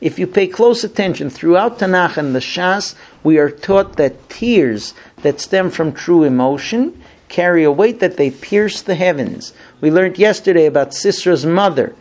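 A man teaching a Torah lesson, retelling the story in an animated way and voicing the people he quotes. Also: sits high, normal speed. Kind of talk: sermon-style Bible storytelling.

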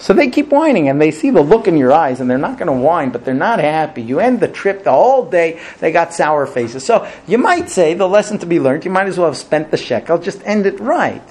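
A man's voice: fairly high pitch, big pitch swings, a little fast, few pauses, darkish tone. A man giving a Bible lesson, telling the story animatedly and acting out quotes. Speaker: Torah teacher.

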